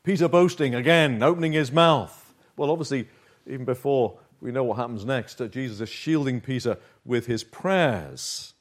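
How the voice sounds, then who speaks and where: A middle-aged man preaching a sermon, dropping to quiet low asides and rising to emphatic points. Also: moderate pace. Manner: shifts between soft, low asides and emphatic, raised points.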